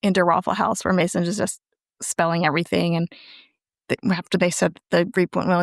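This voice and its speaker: A woman's voice: lowish voice, fairly quick, vocal fry, no echo, clean studio sound. A woman co-hosting a podcast, casually retelling an episode's plot and acting out the characters' lines. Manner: animated retelling with quoted lines. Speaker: podcast co-host recapping an episode. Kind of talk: casual recap chat.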